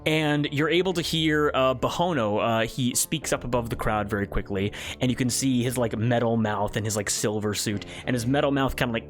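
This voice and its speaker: A young man narrating as game master, relaxed and full of fillers. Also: mid-range voice, normal speed, few pauses, soft background music.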